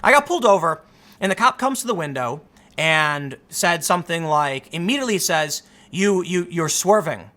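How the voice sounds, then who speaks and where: A man with a high, bright voice tells a personal story in a loose, chatty monologue. He stays animated throughout and acts out the people in it as he goes. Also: moderate pace. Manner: animated retelling, acts out the dialogue. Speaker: vlog host.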